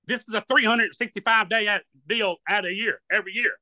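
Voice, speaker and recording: An older hunting guide with a thick Louisiana drawl rambles through homespun stories in an interview. His voice sits high and sounds sharply bright. The recording is dry and close, with no room sound. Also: normal speed, no echo. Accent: Southern US, Louisiana. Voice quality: hard of hearing. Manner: folksy rambling storyteller, acts out voices. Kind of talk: storytelling in an interview.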